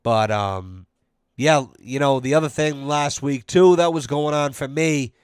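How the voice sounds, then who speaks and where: A man's voice: mid-range voice, unhurried, smooth, dry recording, studio quality. A young man hosting his own podcast, telling long rambling stories in a casual, profane way. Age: young adult. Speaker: podcast host. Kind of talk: casual monologue.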